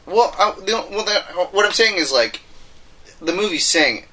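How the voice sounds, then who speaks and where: A man's voice: high voice, animated, measured pace, bright, forceful tone, poor audio. A man co-hosting a casual movie podcast, rambling with lots of fillers and frequent laughter. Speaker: podcast co-host. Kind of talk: casual chat.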